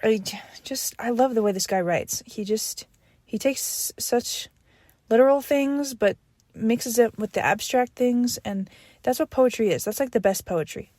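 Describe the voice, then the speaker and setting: A woman's voice: fairly high pitch, a little slow, dark tone, dry recording. A young woman hosting a podcast, casually reviewing an album track by track in a rambling, enthusiastic way with many fillers and restarts.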